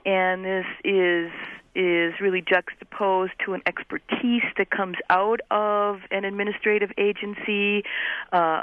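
Lady guest on the radio, measured, explains stuff, sounds like a phone line, dry. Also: mid-range voice, dry recording. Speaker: guest political commentator. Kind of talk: analytical radio discussion.

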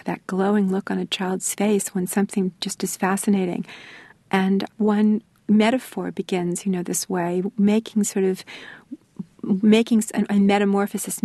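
A middle-aged woman, an author being interviewed, telling stories in a thoughtful, soft-spoken way that sometimes sinks to a near-whisper. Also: mid-range voice, dry recording. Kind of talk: reflective interview storytelling.

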